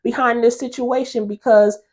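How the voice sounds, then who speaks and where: A woman hosting a casual episode recap, chatty and expressive as she retells the characters' quarrels. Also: fairly high pitch, normal speed. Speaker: host recapping a TV drama episode.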